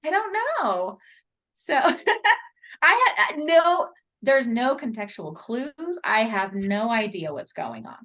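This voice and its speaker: A woman co-hosting a podcast in casual chat with her best friend, animated and quick to laugh. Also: a little high. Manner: animated, laughs often, reflective asides. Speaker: podcast co-host.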